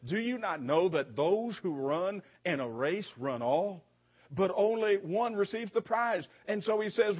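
A man with a husky, slightly high voice delivering a sermon. He presses each point with repetition and stammered restarts. The recording sounds dull and lo-fi. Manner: emphatic, repeating phrases with stammered restarts. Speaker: preacher.

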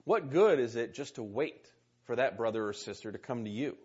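Earnest male preacher, husky lo-fi sound. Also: mid-range voice, lively intonation, moderate pace, darkish tone. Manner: earnest, repeats key words, reads scripture aloud. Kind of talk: sermon. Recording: muffled lo-fi recording.

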